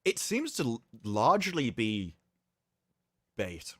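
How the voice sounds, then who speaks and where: A man talking casually as a podcast guest, retelling scenes in an animated, incredulous way into his own microphone. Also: medium pitch, slow, no room sound, clean studio sound.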